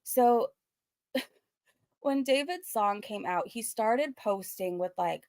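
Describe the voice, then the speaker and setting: A woman's voice: fairly high pitch, animated, takes it slowly, a little mellow, dry recording, studio quality. A woman hosting a casual reaction commentary, sarcastic and laughing between remarks, with a self-described valley girl sound. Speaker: reaction channel host.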